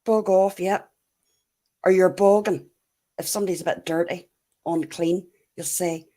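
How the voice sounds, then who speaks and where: A woman's voice: lowish voice, fairly even intonation, unhurried, long pauses, mellow. A middle-aged Irish woman chatting casually as she answers live comments, blunt and laughing often. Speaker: YouTube livestream host.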